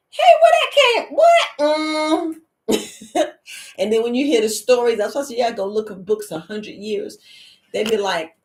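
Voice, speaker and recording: A woman life coach chatting casually on a livestream to her viewers, animated and laughing, often acting out what people say. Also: on the high side, reverberant. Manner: animated, laughing, acts out quoted voices.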